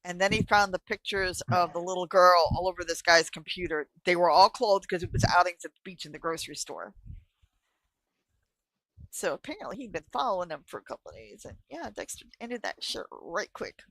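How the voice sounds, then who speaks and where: A woman's voice: on the low side, animated, brisk, a bit bright, no room sound, poor audio. A woman co-hosting a casual live stream chat from home, telling stories and swearing freely. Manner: chatty storyteller, swears freely. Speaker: co-host. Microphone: live stream call.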